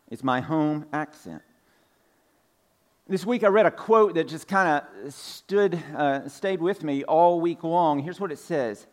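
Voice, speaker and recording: A man's voice: a little high, measured pace, darkish tone, long reverb tail. A man in his forties from Georgia with a light Southern accent, preaching a conversational, folksy sermon to his congregation. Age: 40s. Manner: conversational, folksy, with fillers and asides. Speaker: pastor. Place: church sanctuary.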